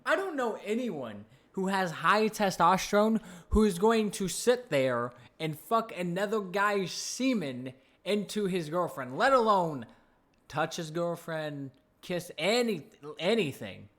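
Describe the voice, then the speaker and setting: A man's voice: sits high, sing-song, measured pace, a bit bright. A man giving mocking reaction commentary on a clip, sarcastic and incredulous.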